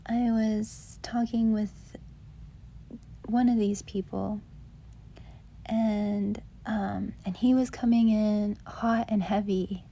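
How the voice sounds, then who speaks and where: Slow whispering woman with gravelly breath. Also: mid-range voice, fairly even intonation, slight background noise. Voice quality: soft whisper. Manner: gentle, rambling, frequent "like" fillers. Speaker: dating advice vlogger. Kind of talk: whispered advice monologue.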